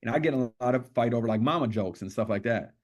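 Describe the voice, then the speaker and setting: Man, podcast guest, casual streetwise storytelling, profane, mid-pitched voice. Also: fast. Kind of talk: candid storytelling interview.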